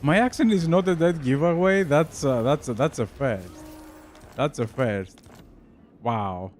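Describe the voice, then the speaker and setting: This young Greek man, speaking with a Greek accent, streams a strategy game and chats casually with viewers, laughing often and calling the chat "bro." His voice is a little high, a little slow, and a little mellow, with slight background noise.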